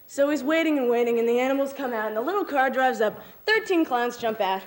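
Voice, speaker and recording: A woman with a notably high voice tells a joke to a camera on a city street. She acts out the characters, jumping her voice up for their lines. The sound comes from a camcorder outdoors. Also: lively intonation, quick pace, low-quality recording. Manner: acts out characters with big jumps in pitch. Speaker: stranger telling a joke. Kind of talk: animated joke telling. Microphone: camcorder microphone.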